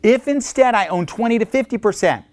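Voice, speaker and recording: A male instructor giving a recorded accounting lecture in a lively, joking way, acting out short phone calls to explain his points. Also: high-pitched, a little fast, no room sound. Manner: lively, jokey, acts out little phone calls.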